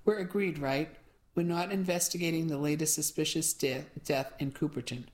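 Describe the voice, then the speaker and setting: A woman's voice: deep voice, normal speed, a little mellow, natural voice. A woman voicing a firm, decisive adult sister who runs a bed and breakfast. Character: firm, sensible adult sister running an inn.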